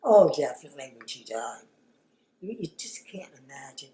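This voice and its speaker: An older woman with a low, mellow voice tells family memories in a halting, reflective way, often sinking into a near whisper. The recording carries a roomy echo. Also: very animated, a little hiss or hum. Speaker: grandmother recalling family history. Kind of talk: oral history interview.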